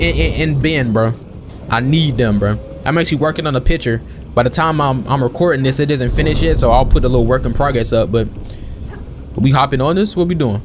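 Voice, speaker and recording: A young man giving casual let's-play commentary as a gaming channel host, chatting and questioning the game out loud. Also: medium pitch, background noise. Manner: chatty, questions the game aloud, calls everyone bro.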